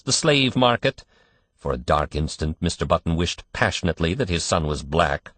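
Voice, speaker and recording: A man narrating a storybook reading with expressive storytelling. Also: fairly low pitch, no echo. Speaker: audiobook narrator. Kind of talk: scripted narration.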